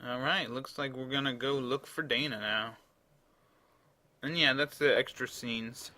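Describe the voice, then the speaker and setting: Bright-voiced rambling let's play man. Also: mid-range voice, fairly even intonation, unhurried. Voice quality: rambling, chatty, frequent restarts. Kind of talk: casual game commentary.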